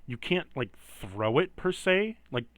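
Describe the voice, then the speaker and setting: A man's voice: mid-range voice, sing-song, a little slow, a bit bright. A man running a tabletop game as game master, explaining items in a loose, rambling way with many fillers.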